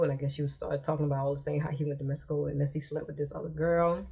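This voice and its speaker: A woman's voice: deep voice, flat delivery, racing, creaky, hardly any pauses, warm tone, breathy edge. A woman vlogger giving casual commentary with chatty, exasperated asides as she reads text messages aloud.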